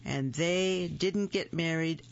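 Slow, gravelly storybook reader. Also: medium pitch, a little hiss or hum. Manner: slow, gentle read-aloud pacing. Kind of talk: reading picture books aloud. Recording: muffled, dull recording.

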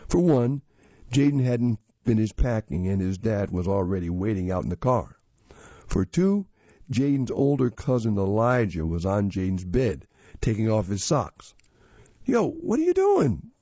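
A man narrating a children's story in a steady, expressive reading voice. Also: fairly low pitch, moderate pace, no echo. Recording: slightly dull lo-fi audio.

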